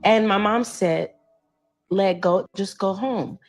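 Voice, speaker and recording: A woman's voice: mid-range voice, slow, soft background music. A woman telling a personal relationship story in an earnest, heartfelt and tearful manner.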